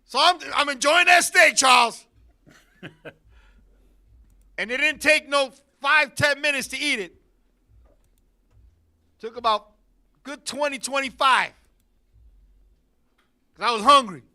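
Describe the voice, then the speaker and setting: A man hosting a talk show in a studio, telling a comedic story with loud bursts and laughing asides. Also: very high voice, slow, long pauses. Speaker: podcast host.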